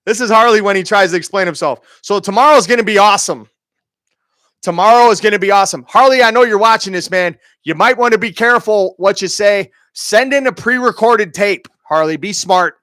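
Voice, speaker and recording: High-voiced man ranting, heavy swearing. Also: fairly quick, bright, forceful tone, no echo, clean studio sound. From Minnesota. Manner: profane, heated, taunting. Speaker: streamer host. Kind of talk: ranting commentary.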